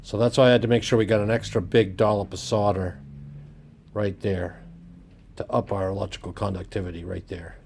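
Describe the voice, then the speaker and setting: There's a little hiss or hum behind this man's fairly low, creaky, slightly mellow voice as he talks a little fast with fairly even intonation. Hosting a casual DIY vlog from his home workshop, he jokes, exclaims while working, and slips into a put-on Irish lilt.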